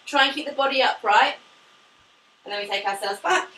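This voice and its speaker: A woman with a fairly high, sharp voice talks a little fast while teaching a live online pilates class and demonstrating each move. Upbeat and quick to laugh, she is slightly out of breath from exercising. The recording sounds echoey, with the mic placed at a distance and a faint hiss.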